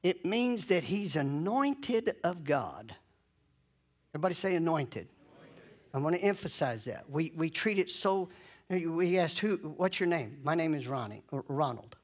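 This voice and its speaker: A man preaching a sermon, leading call-and-response and drawing out key phrases slowly. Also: fairly high pitch, sing-song. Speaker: pastor.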